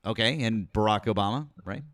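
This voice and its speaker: A man's voice: lowish voice, fairly quick, no room sound, clean studio sound. Condescending man hosting a political stream. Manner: condescending, talks over the caller, calls him kiddo and bud. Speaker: host of a political call-in stream. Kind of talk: combative live-stream debate.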